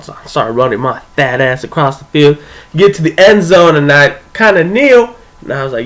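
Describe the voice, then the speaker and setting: A man's voice: normal speed, rough recording. A young man telling a casual, profane personal story, acting out what people said with big jumps in his voice. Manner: animated, profane, acts out quoted voices with big pitch jumps.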